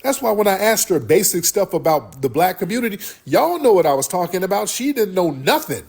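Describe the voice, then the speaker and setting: A man's voice: sits high, very animated, a little fast, a little mellow, husky. A man hosting a livestream, giving heated, blunt, profane commentary to his viewers. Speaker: livestream host.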